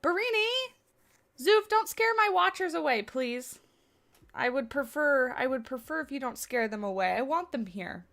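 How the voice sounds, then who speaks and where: A woman's voice: sits high, lively intonation, normal speed, creaky, a bit bright. A woman hosting a game livestream, chatting casually with her viewers, answering their questions and laughing often. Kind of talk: casual livestream chat while building in a game.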